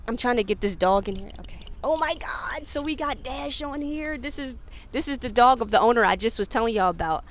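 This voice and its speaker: A woman's voice: on the high side, fairly quick, a little hiss or hum. A woman hosting her own podcast in a casual solo chat, talking candidly with frequent swearing and laughter and acting out what people said. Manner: candid, profane, laughs often; animated, acts out quoted speech. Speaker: podcast host.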